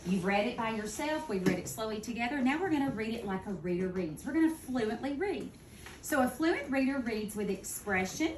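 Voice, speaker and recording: A woman teaching a second-grade phonics lesson, speaking clearly and deliberately. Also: on the high side, animated. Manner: clear, deliberate teacher talk, slowing to model words. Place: classroom. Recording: echoey classroom from far off, noisy.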